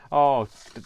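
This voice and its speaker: A man in his fifties chatting casually and rambling with self-mocking asides while he does a craft project. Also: dry recording. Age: 50s. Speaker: craft vlogger.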